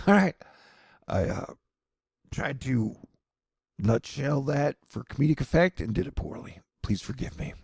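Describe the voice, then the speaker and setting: A man's voice: mid-range voice, sing-song, measured pace, vocal fry, pauses often, a little mellow, husky, no echo. A man giving casual, rambling news commentary with sardonic, self-mocking asides.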